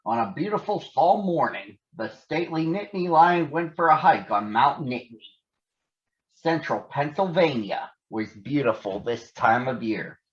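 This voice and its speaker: A man reading a children's storybook aloud in a gentle storytelling manner, on a dull lo-fi recording. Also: medium pitch, expressive, normal speed. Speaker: storybook reader. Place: outdoors on a hike.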